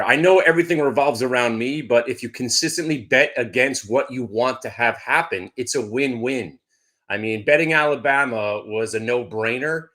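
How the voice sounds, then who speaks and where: A middle-aged man talks about his sports bets, loud and excitable. His pitch sits in an ordinary middle range. It is casual chat as a guest on a show. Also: moderate pace.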